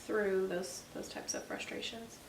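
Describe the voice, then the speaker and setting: Woman in her forties, gravelly voice, faith-based chat co-host, echoey room, faint hiss. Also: mid-range voice, steady tone, a little slow, recorded from a distance. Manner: chatty, warm-hearted storytelling with many ums. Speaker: podcast co-host.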